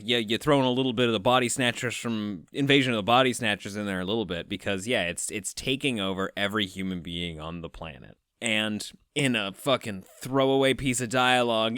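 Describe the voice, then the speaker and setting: A man's voice: medium pitch, lively intonation, normal speed, fairly bright tone, smooth, no echo, studio quality. A man co-hosting a horror film podcast in casual chat. He is playful, rambles, and swears casually. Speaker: podcast co-host.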